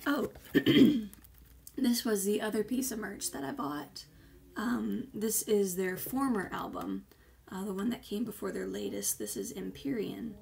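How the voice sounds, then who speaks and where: A woman unboxing gifts in an unhurried, drawn-out way. Her voice carries a gravelly vocal fry, and she gushes effusively, pausing often on little fillers. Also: mid-range voice, expressive, a little mellow. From United States. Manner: gushing and effusive, with hesitant fillers. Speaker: vlogger. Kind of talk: casual unboxing chat.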